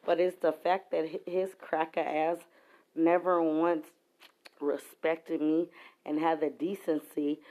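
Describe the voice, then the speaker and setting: A woman's voice: sits low, flat delivery, slow, mellow. A woman venting in an angry, profanity-laced rant to camera, heated and emphatic. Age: adult. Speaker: vlogger.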